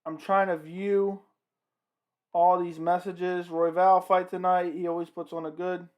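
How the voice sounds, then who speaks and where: A man's voice: high-pitched, little pitch movement, measured pace, darkish tone. A man hosting a casual livestream, commenting on a fight and talking with his chat. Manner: chatty, reacting to the fight and the chat. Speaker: livestream host.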